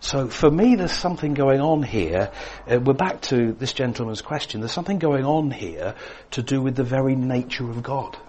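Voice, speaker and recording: A man preaching a sermon, swinging between emphatic lines and hushed, quiet ones. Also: mid-range voice, expressive, moderate pace, hardly any pauses, slight background noise.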